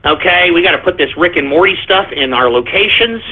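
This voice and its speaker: A man's voice: sits high, expressive, fairly quick, husky, pitched below the performer's own voice. A man putting on a scheming marketing man. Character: male corporate marketing guy, scheming, eager. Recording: tinny phone-like lo-fi.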